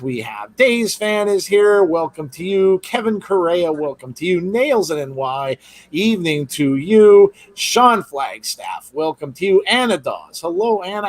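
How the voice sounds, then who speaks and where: A man's voice: high-pitched, no echo. A man hosting a live podcast, chatting casually and rambling through greetings to viewers. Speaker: podcast host. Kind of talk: casual live-stream chat.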